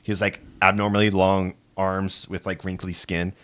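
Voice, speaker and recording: A man co-hosting a casual gaming podcast, excitable and swearing a lot, laughing as he tells stories. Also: sits low, moderate pace. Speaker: podcast co-host.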